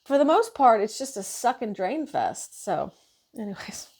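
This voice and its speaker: A woman's voice: on the high side, a little slow, breathy edge. A woman nurse venting in a casual monologue, frustrated and swearing as she retells her shift. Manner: frustrated, profane, animated retelling.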